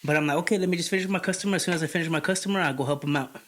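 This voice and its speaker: A man telling a story among friends in casual chat, animated and swearing freely as he acts out what people said. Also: on the high side, rapid-fire. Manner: animated, heavy swearing, retells dialogue. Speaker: podcast co-host.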